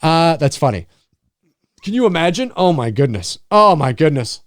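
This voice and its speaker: Male live streamer, casual chat, very animated pitch, dry close sound, profane, rambling. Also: normal speed, no echo. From Canada. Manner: rambling, profane, laughs often, acts out scenes with shouted voices.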